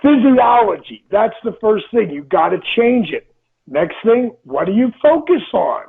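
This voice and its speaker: Gravelly, husky man in his sixties, emphatic. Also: sits high, expressive, unhurried. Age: 60s. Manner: emphatic, repeats phrases, acts out inner voices. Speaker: interview guest. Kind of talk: motivational interview talk. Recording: tinny phone-like line.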